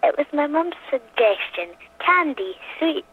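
A woman's voice: sits high, very animated, unhurried. A woman calling in to a radio show by phone, talking in a hesitant, giggly way. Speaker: guest on the phone. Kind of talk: casual phone interview. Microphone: telephone. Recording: tinny phone line.

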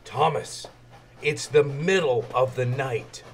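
A man's voice: mid-range voice, takes it slowly, slight background noise, lightly acted. A man voicing a big, sleepy male engine who teases a smaller one, in a storybook reading. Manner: drowsy, sly.

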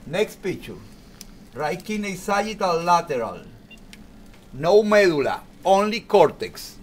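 A man walks through an ultrasound exam step by step, instructing slowly and calmly. His voice sits a little high and his English has non-native phrasing. Faint background noise runs under the recording. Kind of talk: step-by-step medical demonstration.

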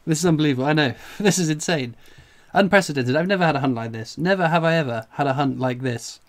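Man, live stream host, excited exclamations, higher voice. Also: fast. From England. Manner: exclaiming, laughing, breathless with excitement. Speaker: coin collecting streamer.

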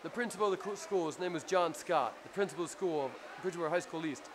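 A man with a New Jersey accent telling a rambling, profane story in a casual, animated way after a show. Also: sits high, racing. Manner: profane, rambling, animated anecdote with acted-out quotes. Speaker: punk band frontman telling a story. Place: crowded club after a show. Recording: noisy live club recording.

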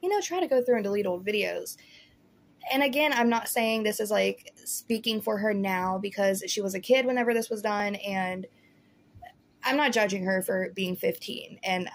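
A woman's voice: mid-range voice, moderate pace. A woman hosting a casual commentary vlog, talking in a chatty, rambling way full of "like" and "you know". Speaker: commentary host.

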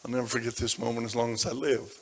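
A man preaching a sermon, telling stories about people from his congregation, dropping to a hush and then rising to loud emphasis. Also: medium pitch, flat delivery, rapid-fire, gravelly, slight background noise. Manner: dramatic shifts between hushed and loud. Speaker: pastor. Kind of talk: sermon storytelling. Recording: long reverb of a large hall.

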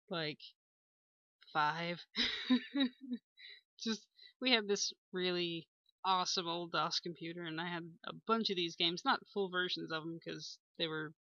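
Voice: mid-range voice, sharp tone, no echo, muffled recording. A young adult hosting a gaming channel, chatting casually over gameplay with lots of ums, uhs and small chuckles. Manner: rambling, many ums and uhs, chuckles often. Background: faint game music.

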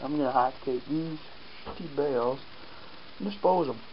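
A man's voice: mid-range voice, normal speed, muffled recording, a little hiss or hum. A man with an Acadian French accent vlogging casually outdoors on a farm, rambling, joking at himself and swearing offhand. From Acadian, New Brunswick. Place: outdoors on a farm, rainy day.

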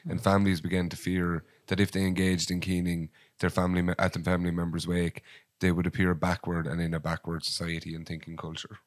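A man on a podcast reading out background facts in a steady, matter-of-fact way. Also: sits low, fast, no echo.

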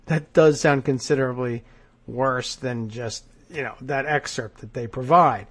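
A man with a mid-range voice and a slightly slow delivery runs a political commentary podcast. Wry and sardonic, he reads out news quotes and comments on them along the way, his nose clearly blocked up.

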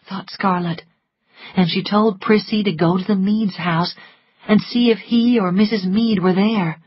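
A woman reads an audiobook in an unhurried, measured way. Her voice is husky. The recording is dry and a little dull. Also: medium pitch, dry recording. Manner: measured, even storytelling. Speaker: audiobook narrator. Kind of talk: scripted narration. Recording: slightly muffled lo-fi, dry.

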